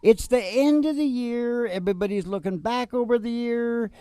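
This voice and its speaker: A man's voice: very high-pitched, normal speed, dark tone, clear, resonant tone, no room sound. A male podcast host talking in a wry, joking, conspiratorial way. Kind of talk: casual rambling chat. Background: acoustic guitar.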